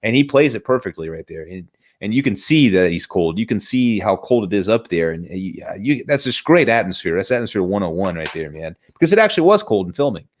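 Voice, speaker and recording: A man's voice: fairly low pitch, big pitch swings, quick pace. A man hosting a casual movie review chat, enthusiastic and rambling, often restarting his sentences.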